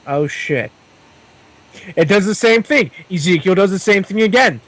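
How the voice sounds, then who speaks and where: High-voiced man running a tabletop game. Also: expressive, moderate pace. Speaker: game master.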